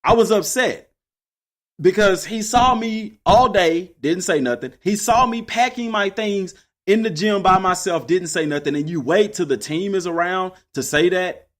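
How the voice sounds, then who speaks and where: A man's voice: high voice, normal speed. A young man from Texas, telling a personal story casually to his listeners. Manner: animated, addresses listeners as y'all. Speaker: podcast host.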